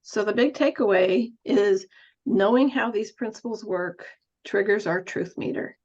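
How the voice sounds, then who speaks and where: A woman's voice: medium pitch, measured pace, darkish tone, highs cut off. A woman nurse coach giving a thoughtful, musing talk on coaching, with an occasional light laugh.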